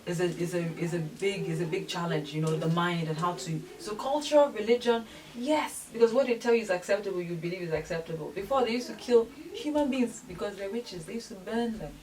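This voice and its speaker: A woman from Nigeria, a guest in an interview, telling stories with animated delivery and acting out what other people said. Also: medium pitch, a little fast, few pauses. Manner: animated storytelling, acts out other people's voices. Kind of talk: candid interview conversation. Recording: distant mic with crowd noise.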